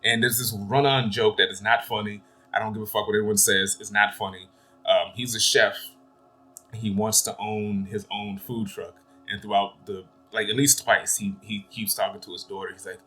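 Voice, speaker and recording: Brief: male movie reviewer, low-ish voice, rambling and blunt, swears a lot, faint music underneath. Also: flat delivery, normal speed, pushed and bright. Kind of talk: casual spoken film review.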